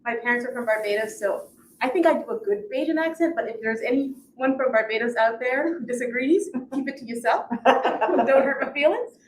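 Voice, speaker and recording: A woman's voice: fairly high pitch, brisk, slight background noise. A woman author talking about her novel before reading from it, laughing easily and joking at her own expense. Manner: laughing, self-deprecating, lively. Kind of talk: live book reading and chat. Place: bookstore. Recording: echoey bookstore.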